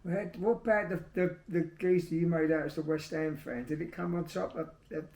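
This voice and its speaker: A man's voice: on the high side, steady tone, brisk, creaky, a little mellow. A man interviewer asking short, curious questions. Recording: echoey room, far from the mic.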